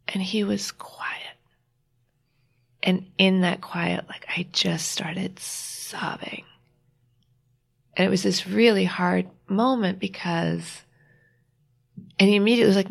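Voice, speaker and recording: A woman author, a guest in an interview, telling a personal story in an earnest, halting way with many restarts. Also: fairly low pitch, steady tone, vocal fry.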